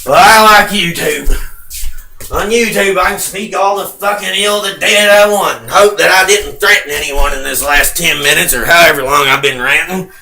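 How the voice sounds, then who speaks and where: A man's voice: high-pitched, normal speed, gravelly, reverberant, recorded from a distance, low-quality recording. A man ranting angrily and profanely to the camera, bitter and mocking. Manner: shouting and sing-song chanting. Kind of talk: angry rambling rant to camera.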